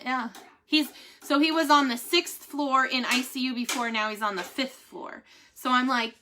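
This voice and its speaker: A woman's voice: fairly high pitch, sharp tone. A woman, chatting candidly to her viewers, laughing often and speaking with faith. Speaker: vlogger giving a family health update. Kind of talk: casual chat to camera.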